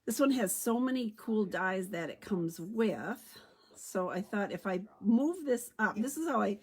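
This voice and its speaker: A woman's voice: medium pitch, expressive, measured pace, slightly rough. A woman giving a chatty card-stamping tutorial, thinking aloud as she works. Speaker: stamping demonstrator. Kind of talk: craft tutorial demo.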